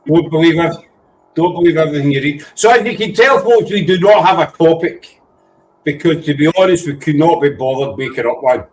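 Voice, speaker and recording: A man's voice: fairly high pitch, a little fast, darkish tone, rough recording. A Scottish man hosting a casual live-stream chat, rambling along and teasing his guests. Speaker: host. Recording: faint background noise.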